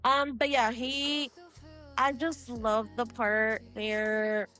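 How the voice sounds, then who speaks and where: A woman's voice: fairly high pitch, flat delivery, very slow, pushed and bright, faint music behind. A woman co-hosting a book club podcast, retelling a book in a casual, slangy way, full of "like" and laughter.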